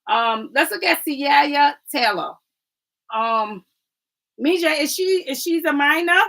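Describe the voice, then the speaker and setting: A woman's voice: sits high, expressive, slow, pushed and bright, poor audio. A woman doing a casual livestream oracle card reading, chatty and rambling, who often adds "right?", calls viewers "family" and stumbles over names.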